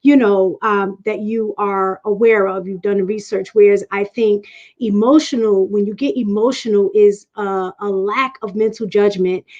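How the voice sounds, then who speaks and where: Measured woman, muffled lo-fi sound. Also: medium pitch, steady tone, darkish tone. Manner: measured, reasoning, with restarts. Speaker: panel guest. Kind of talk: explanatory casual talk.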